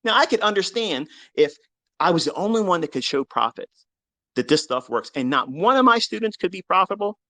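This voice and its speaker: A middle-aged man giving a heated, profane monologue on a live audio chat, combative and defiant, his voice dropping low and then bursting out loud. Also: animated, fairly quick. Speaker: trading educator.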